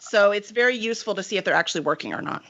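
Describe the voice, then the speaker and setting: A publisher hosting a casual live-streamed chat talks at length in loose, run-on thoughts full of fillers. Her medium-pitched voice is animated, very fast and fairly bright, captured with lo-fi sound.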